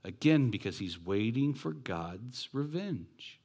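A man's voice: mid-range voice, big pitch swings, slow, darkish tone. A man preaching a sermon as pastor, talking in a conversational way with rhetorical questions and joking asides.

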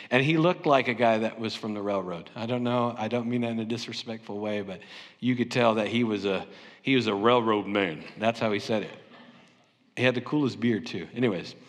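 Man, middle-aged, from Southern California, pastor, casual storytelling sermon, self-deprecating, long hall reverb. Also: medium pitch. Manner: acts out imagined interviews with playful voices; conversational, anecdotal, self-deprecating humor. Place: church sanctuary.

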